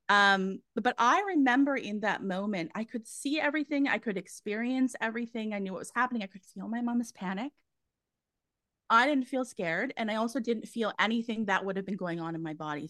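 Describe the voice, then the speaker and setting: A woman's voice: medium pitch, fairly bright tone, dry recording. A woman, a guest medium telling her story in a casual interview, chatty and full of fillers. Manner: chatty, many fillers and restarts.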